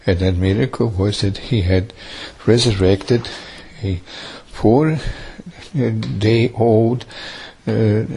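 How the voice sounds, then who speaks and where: A man preaching a sermon, retelling a gospel story in a slow, halting way with many fillers. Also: lowish voice, a little mellow.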